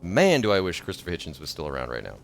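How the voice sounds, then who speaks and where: Rambling, excitable male streamer, low voice. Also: fast, vocal fry, soft background music. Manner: rambling, excitable, bursts into loud shouts. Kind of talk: casual livestream chat.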